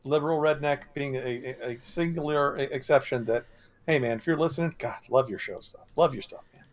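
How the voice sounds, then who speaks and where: A man's voice: mid-range voice, brisk. A man co-hosting a podcast, sarcastic and joking in casual political chat. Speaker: podcast co-host.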